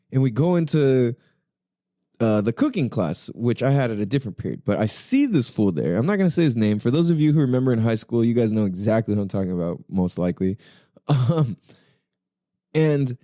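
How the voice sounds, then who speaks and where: A man's voice: mid-range voice, warm tone, no room sound, clean studio sound. Slangy, swearing young man telling stories. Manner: profane, filler-heavy slangy storytelling. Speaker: podcast host. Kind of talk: casual storytelling.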